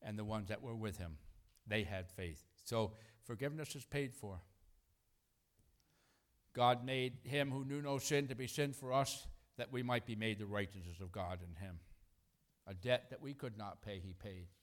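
A middle-aged man preaches a sermon in a conversational, animated way, acting out quotes and chuckling between points. His voice is fairly low-pitched, and he speaks at a moderate pace.

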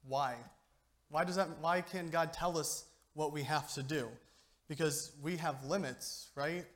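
A man's voice: fairly high pitch, fairly even intonation, measured pace, a bit bright. A young man giving an informal sermon to a church, joking and chatty, often checking in with the listeners. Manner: joking, conversational, keeps asking "okay?". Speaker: lay speaker giving a youth sermon.

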